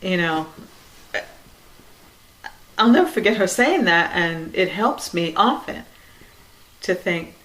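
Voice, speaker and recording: A woman giving a reflective spiritual talk in a conversational way, with many "you know"s, soft laughs, and quiet trailing phrases. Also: on the low side, animated, takes it slowly, pauses often, poor audio. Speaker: dharma talk speaker.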